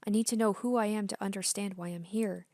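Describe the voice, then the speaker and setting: A woman's voice: mid-range voice, steady tone, fast, warm tone, no room sound, natural voice. Woman reading as an earnest pleading girl heroine, game lines, dry voice. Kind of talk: reading game dialogue aloud.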